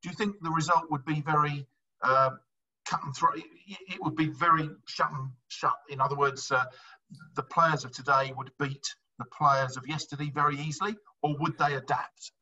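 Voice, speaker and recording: A man from England asking a question on a video call, halting and searching for words. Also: fairly high pitch, steady tone, pushed and bright. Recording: dull lo-fi sound from far off the mic.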